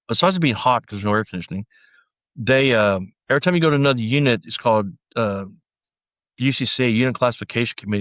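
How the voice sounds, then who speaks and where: A man's voice: medium pitch, a bit bright, dry recording. Guy talking bluntly in a podcast interview, rambling, dull dry sound. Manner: blunt, rambling storyteller with frequent fillers. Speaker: podcast guest, former sheriff's deputy. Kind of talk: casual storytelling interview.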